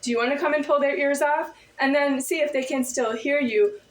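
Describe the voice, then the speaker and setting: A woman's voice: high voice, a little fast, roomy sound, poor audio. A woman in a confrontational monologue to camera, firing off insistent, repetitive rhetorical questions.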